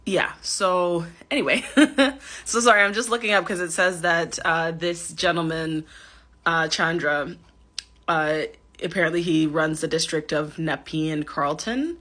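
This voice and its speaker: A bright, clear-toned woman from Canada talks casually into her phone camera, laughing often and hedging with ums as she comments. Her voice sits a little low for a woman. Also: unhurried. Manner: chatty, giggly, hedging with many ums. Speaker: vlogger reacting to a clip.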